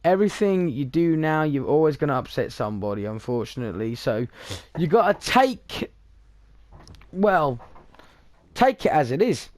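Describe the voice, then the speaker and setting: A man's voice: on the high side, big pitch swings, normal speed, long pauses, darkish tone, dry recording. A young British man with a gaming channel, rambling in casual, blunt chat full of swearing while he plays. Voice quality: swears freely, chatty, blunt. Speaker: gaming streamer.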